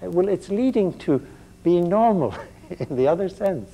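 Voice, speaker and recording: Older male lecturer, halting and wry. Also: high-pitched, lively intonation, mellow. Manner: halting, repeats words, wry humor. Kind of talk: university lecture.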